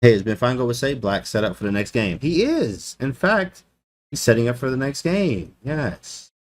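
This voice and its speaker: A man commenting on chess games live, joking and slangy, who often breaks into laughter. His voice sits in an ordinary middle pitch, and his delivery is lively and animated throughout. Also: normal speed. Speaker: chess streamer.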